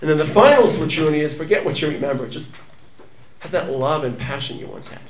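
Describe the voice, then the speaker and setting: High-voiced male rabbi teaching, dramatic, murmurs to near-shouts, roomy distant mic. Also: lively intonation, fast. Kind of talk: animated Torah lecture.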